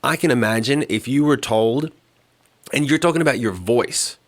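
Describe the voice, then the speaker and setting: A man's voice: mid-range voice, moderate pace. A man co-hosting a podcast in casual chat, talking bluntly and emphatically with a lot of swearing. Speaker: podcast co-host.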